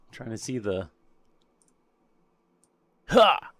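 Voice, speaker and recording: A man's voice: fairly low pitch, measured pace, no echo. A man chatting casually on a live stream while painting a model kit, muttering to himself and trailing off. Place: home workshop.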